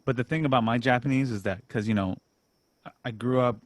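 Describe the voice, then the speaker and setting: A man hosting a casual podcast chat, relaxed and self-deprecating, laughing often and restarting his sentences. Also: medium pitch, quick pace, no room sound. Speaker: podcast host.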